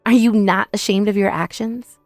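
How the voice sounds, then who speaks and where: A woman's voice: medium pitch, steady tone, moderate pace, no room sound, clean studio sound, faint music behind. Indignant young woman narrating a confrontation. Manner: indignant, accusing, scornful. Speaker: narrator and protagonist. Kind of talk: first-person dramatized story narration.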